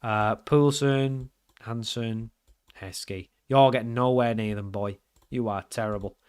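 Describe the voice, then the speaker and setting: A man giving live commentary over his own football management game, frustrated and grumbling, then suddenly loud. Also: medium pitch, measured pace, clear, resonant tone. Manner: excitable, swings from frustrated grumbling to loud outbursts. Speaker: gaming commentator.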